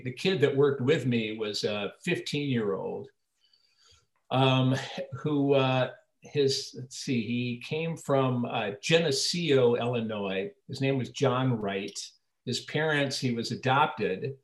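A man's voice: medium pitch, takes it slowly. An older man, an actor interviewed as a guest, telling long rambling anecdotes with many restarts and acting out the quoted lines. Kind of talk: casual storytelling interview. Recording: roomy echo.

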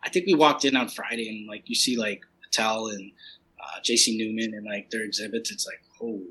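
A man as a podcast guest in casual chat, relaxed and chatty with many fillers, with a husky voice. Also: fairly low pitch, brisk, slight background noise, rough recording. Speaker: podcast guest, cigar brand owner.

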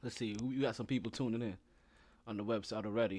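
A man's voice: mid-range voice, fairly even intonation, fast talker, darkish tone. A man hosting a sports podcast with playful, slangy hype-man banter. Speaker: podcast host.

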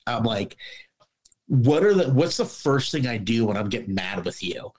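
A man's voice: mid-range voice, very animated, moderate pace, a little mellow, poor audio. A middle-aged man talks in a loose, casual podcast chat. He is blunt and swears freely, and he slips into voicing the other people in his stories as he acts out back-and-forth dialogue. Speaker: guest, former police officer.

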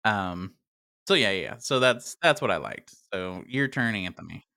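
A man's voice: on the low side, lively intonation, moderate pace, creaky, pushed and bright. A man co-hosting a casual film-review chat, hesitant and full of fillers. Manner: hesitant, many fillers and "I don't know". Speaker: podcast co-host.

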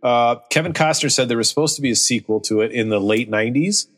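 Male co-host, even middle pitch, conversational trivia delivery. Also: fast talker. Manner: relaying trivia in a plain conversational way. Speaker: podcast co-host. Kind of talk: casual comedy chat.

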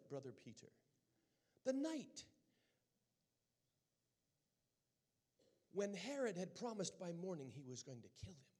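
A man's voice: high-pitched, a little mellow, pitched above the performer's own voice. A man voicing a small, elderly British missionary woman who fervently calls her listeners dear brother.

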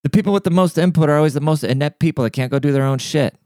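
A man's voice: fairly high pitch, very fast, mellow, no room sound, studio quality. A man ranting casually and sarcastically, swearing freely as he talks alone into the mic. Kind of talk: casual profane rant.

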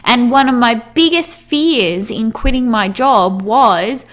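A woman's voice: on the high side, expressive, slow, hardly any pauses, fairly bright tone. Chatty woman, candid monologue. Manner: candid, chatty, lots of "like", laughs often, swears casually. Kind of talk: casual personal monologue.

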